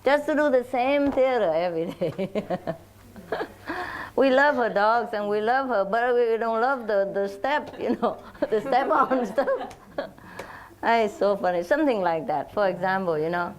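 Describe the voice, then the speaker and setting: A woman telling rambling, animated stories in a casual way. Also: a little high, normal speed, low-quality recording. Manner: rambling, animated, often laughing. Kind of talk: casual storytelling.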